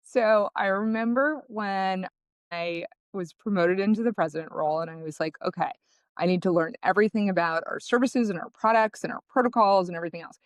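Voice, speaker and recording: A woman founder being interviewed, telling her story in a lively, conversational way and acting out what people said. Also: mid-range voice, a little fast, no room sound. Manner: animated, conversational, acts out quotes. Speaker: guest, founder.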